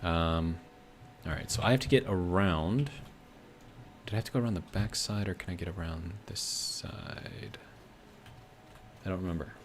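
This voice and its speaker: A man's voice: deep voice, moderate pace, long pauses, a little hiss or hum. An American man casually commenting on a video game he plays and reading out chat messages, rambling with lots of fillers. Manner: rambling, thinks aloud with many fillers. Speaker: streamer.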